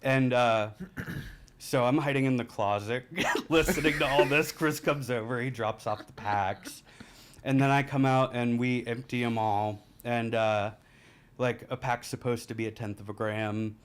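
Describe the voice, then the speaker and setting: A man, a podcast guest telling a rambling, candid story and laughing through the dark parts. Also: mid-range voice, steady tone, unhurried, smooth. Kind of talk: casual storytelling.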